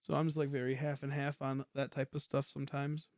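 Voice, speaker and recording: A young man chatting casually on a game stream, quiet and rambling, humming between thoughts. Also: medium pitch, level tone, brisk, no echo, studio quality. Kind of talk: casual livestream chat while gaming.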